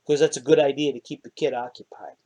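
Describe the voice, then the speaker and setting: A man running a tabletop game as dungeon master. He narrates in a relaxed, conversational way at a middle pitch and chuckles often. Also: fast talker.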